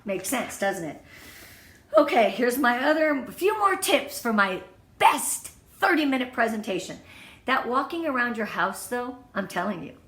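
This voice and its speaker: A woman with a slightly high voice coaches her sales team through an online party presentation, talking in an upbeat, gushing way. She speaks from her home in front of her product display wall. The room around her is echoey. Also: very animated, normal speed, fairly bright tone. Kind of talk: training talk on giving online party presentations.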